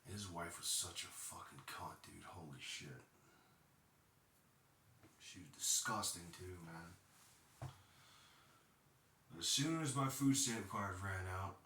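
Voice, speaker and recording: Low-voiced, blunt man in a roomy space. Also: slow, long pauses, sharp tone, slight background noise. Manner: blunt and profane, heated. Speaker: podcast host. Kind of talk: personal storytelling monologue. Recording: roomy sound, distant from mic.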